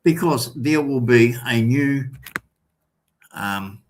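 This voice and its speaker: An older Australian man hosting a livestream, chatting casually and reading out viewer comments in a rambling, halting way with many restarts. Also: medium pitch, slight background noise. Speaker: livestream host.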